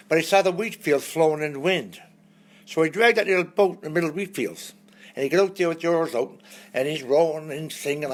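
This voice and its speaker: A man, telling folksy jokes and stories between songs on a live stream. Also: fairly high pitch. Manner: folksy storyteller, lively punchlines. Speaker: entertainer.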